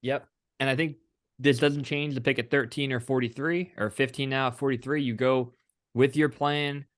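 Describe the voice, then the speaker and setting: This young man co-hosts a football podcast, addressing the audience directly in an earnest, speech-like way. He has a mid-range voice with fairly even intonation and keeps a moderate pace.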